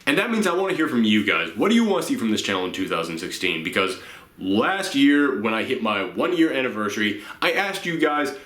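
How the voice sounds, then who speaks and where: Late at night, a young YouTube host records a casual vlog, speaking earnestly and without a script to his viewers as he rambles a little from tiredness. He has a mid-range, fairly bright voice, and the room is echoey.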